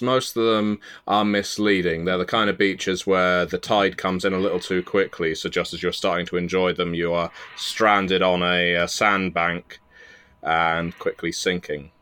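A man with a Southern English accent hosts a casual podcast. His voice sits low, and he talks in a rambling, self-deprecating way, with plenty of "uh" and restarts. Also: moderate pace, fairly bright tone, clear, resonant tone. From England. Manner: chatty, self-deprecating, many filler restarts. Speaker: podcast host and interviewer.

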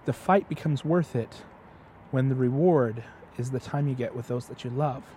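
A man's voice: mid-range voice, moderate pace, dark tone, a little hiss or hum. A man chatting as his father's guest, retelling a story with passion and often stumbling over repeated words. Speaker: guest, host's son. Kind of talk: casual storytelling chat.

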